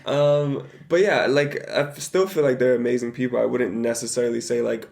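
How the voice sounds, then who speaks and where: Casting: man podcast co-host, gravelly voice, rambling easygoing chat. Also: medium pitch, steady tone, moderate pace, darkish tone. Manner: rambling, hedging with fillers. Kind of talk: casual chat.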